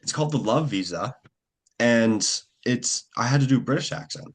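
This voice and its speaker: A young man, an actor, chatting casually in an interview, rambling with lots of fillers and quick acted-out quotes. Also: mid-range voice, lively intonation.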